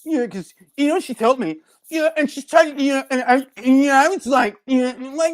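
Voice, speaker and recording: Animated, profane ranting man. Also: very high-pitched, normal speed, few pauses, dry recording, clean studio sound. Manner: animated, profane, rambling with street slang; switches into Spanish phrases. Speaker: podcast host. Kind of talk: casual rant.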